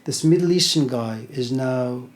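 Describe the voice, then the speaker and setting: A man's voice: mid-range voice, a little slow. A middle-aged man giving an informal lecture, retelling a story in a conversational way with many fillers.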